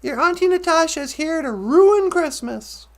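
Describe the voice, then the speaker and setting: A man doing a high, sarcastic auntie. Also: lively intonation, moderate pace. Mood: mock-conspiratorial. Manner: sarcastic, giggly, sing-song asides. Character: chatty, teasing auntie woman host. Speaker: show character.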